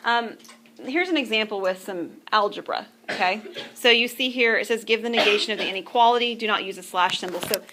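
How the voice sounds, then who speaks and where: A woman teaching a math class, her voice mid-pitched and easygoing as she explains step by step and keeps asking if the students are with her. The room is a classroom with a faint hiss of noise behind her. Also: fairly quick, sharp tone. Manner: patient, conversational, checks in with students often. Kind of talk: classroom lecture.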